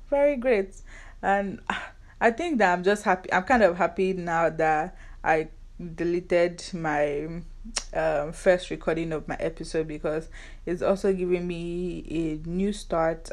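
A woman in her twenties with a Nigerian accent, hosting her own podcast in a casual, sarcastic, bantering way. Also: on the low side. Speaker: podcast host. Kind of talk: casual solo podcast chat.

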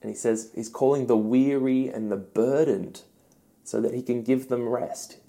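A young man, a youth pastor, giving an earnest devotional teaching talk with gentle, emphatic pauses. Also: medium pitch, steady tone, gravelly.

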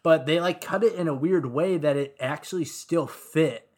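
A man's voice: on the high side, moderate pace, darkish tone. A man co-hosting a podcast, talking casually about music in a rambling way, full of "like" and "um". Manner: rambling, heavy on fillers like "like" and "um". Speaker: podcast co-host.

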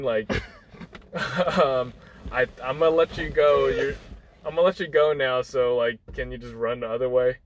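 A man's voice: medium pitch, fairly even intonation, a little slow, a little hiss or hum, poor audio. A young man telling a rambling personal anecdote in casual chat, full of fillers and restarts, acting out what people said. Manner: rambling, many fillers and restarts, acts out quotes. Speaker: guest storyteller.

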